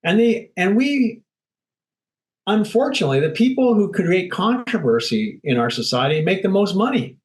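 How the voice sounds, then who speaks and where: A man's voice: sits high, big pitch swings, moderate pace, poor audio. A man speaking bluntly and emphatically as an interview guest, acting out little quoted exchanges. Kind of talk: candid interview talk.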